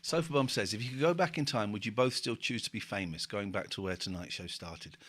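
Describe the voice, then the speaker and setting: A man's voice: lowish voice, a little fast, a bit bright. A man hosting a casual late-night stream, reading out viewer comments with wry asides. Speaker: stream host.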